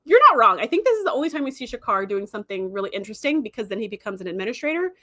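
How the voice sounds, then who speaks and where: Woman, livestream host, casual and animated; fairly high voice, dry close sound. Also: rapid-fire, no echo. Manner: animated retelling, acting out characters' lines.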